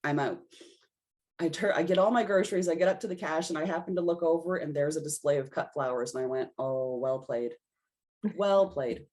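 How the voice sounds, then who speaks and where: A woman's voice: deep voice, fast, darkish tone. A woman guest on a podcast, telling a personal story in casual conversation and acting out her own reactions as she goes. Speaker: podcast guest, intuitive reader.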